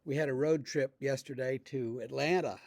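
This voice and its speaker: A male pastor giving a relaxed, conversational devotional talk, telling stories with frequent fillers. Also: medium pitch, moderate pace, gravelly, dry recording.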